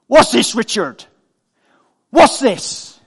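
A pushy, blunt older neighbour with a Bristol accent, as a preacher puts him on. He pitches up high and pushes hard, every question landing as a loud accusation. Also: sing-song, drawn-out words, creaky, breathy edge, in a large hall, exaggerated voice. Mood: accusatory. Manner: accusatory, slightly aggressive.

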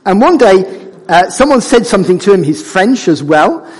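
A husky-voiced man preaching to his congregation, his tone high and swinging widely as he jokes and teases. His voice rings out with a long reverb through a church hall. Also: normal speed. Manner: animated and conversational, jokes with the congregation. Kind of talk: sermon.

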